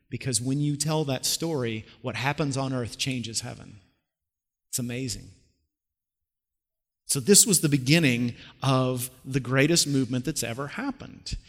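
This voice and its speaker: A man preaching a sermon as a pastor, telling the story in a conversational way and asking the listeners questions. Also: fairly high pitch. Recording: long hall reverb.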